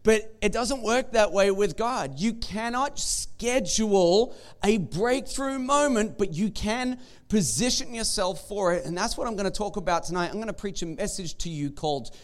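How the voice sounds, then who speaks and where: A man's voice: sits high, animated, normal speed. A man giving a sermon as pastor, in a conversational, joking way and often repeating words. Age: young adult or middle-aged.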